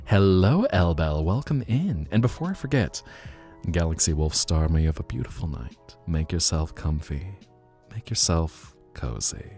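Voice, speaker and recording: A deep-voiced man hosts a casual late-night livestream, chatting playfully about accents and greeting viewers. His voice swoops up and down with lively pitch as he muses. Soft music runs faintly under him. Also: normal speed. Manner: playful, slips into accent bits while musing. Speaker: livestream host.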